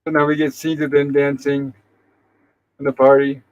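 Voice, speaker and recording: A man's voice: medium pitch, monotone, moderate pace, a little mellow, low-quality recording. A man hosting a casual show, retelling an episode's scenes in an easygoing way and reading characters' lines aloud. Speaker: host.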